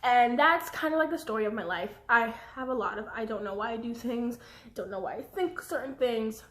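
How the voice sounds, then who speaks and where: Young woman, personal vlog confession, rambling and apologetic, bright higher voice, roomy echo. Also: fairly quick. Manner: rambling, jumps between thoughts, apologetic asides. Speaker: vlogger.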